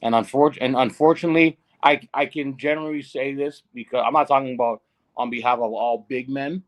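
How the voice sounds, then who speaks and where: A man co-hosting a casual chat who reacts and chimes in, then speaks up with his own thoughts. His voice sits in a middle pitch. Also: fairly even intonation, fairly quick.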